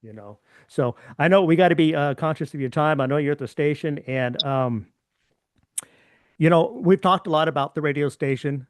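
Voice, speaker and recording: A man's voice: fairly high pitch, moderate pace, no room sound. A man hosts a conversational interview, thinking aloud and repeating words as he goes. His voice sounds dry and close, with no room around it. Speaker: podcast host.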